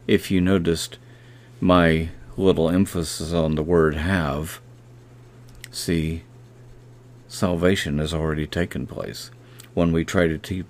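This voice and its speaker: A man hosting a devotional podcast, reading Bible verses slowly and repeating key phrases. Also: a bass voice, darkish tone. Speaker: podcast host.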